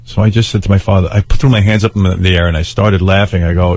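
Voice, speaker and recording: A man's voice: deep voice, steady tone, quick pace, few pauses, darkish tone. A man hosting a radio show, telling a family story in an exasperated, profane way and laughing as he talks. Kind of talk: candid radio talk storytelling.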